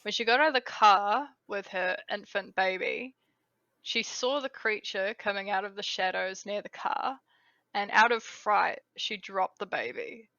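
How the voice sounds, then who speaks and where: Kiwi woman chatting on a podcast, bright voice, dry slightly dull sound. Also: mid-range voice, unhurried, no echo. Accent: New Zealand. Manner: chatty, lots of fillers and laughs. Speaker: podcast co-host. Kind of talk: casual chat.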